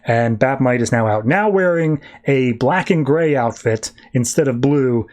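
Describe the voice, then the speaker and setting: A man's voice: mid-range voice, lively intonation, measured pace, a little mellow. A man hosting a podcast who recaps a comic book in a chatty, jokey way. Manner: chatty, jokey, acts out characters. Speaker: podcast host.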